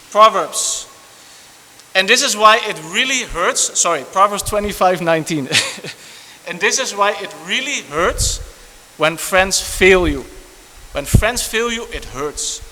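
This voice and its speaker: A man preaching a sermon, animated and repetitive, restarting phrases and breaking into asides. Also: high voice. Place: church hall. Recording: long church reverb, faint hiss.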